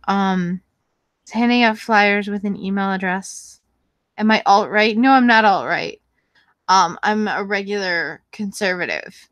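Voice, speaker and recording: A YouTube host with a mid-range, slightly bright voice and no echo chats casually with her viewers, answering their questions. She's rambling, blunt and profane, packed with fillers, restarts and self-corrections.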